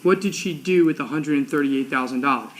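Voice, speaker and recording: A man's voice: a little high, brisk, a little hiss or hum. Man asking short questions in court. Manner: short, plain prompting questions. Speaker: attorney questioning a witness. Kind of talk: courtroom direct examination.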